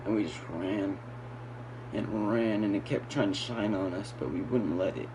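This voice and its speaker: A man's voice: lowish voice, moderate pace, background noise. A man recounting a frightening dream in a fearful, pleading way.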